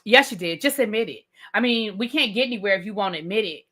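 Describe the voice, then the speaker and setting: A woman's voice: mid-range voice, animated, fast, pushed and bright. A woman reviewing a TV show in a live rant, heated and profane, with repetitive slangy outbursts aimed at her viewers. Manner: slangy, addresses viewers as y'all and baby.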